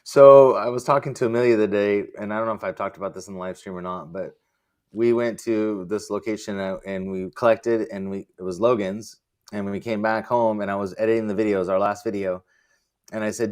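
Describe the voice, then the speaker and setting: A man's voice: lowish voice, brisk, smooth. A man hosting a casual livestream chat about his vending business, telling rambling stories. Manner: relaxed, rambling storytelling.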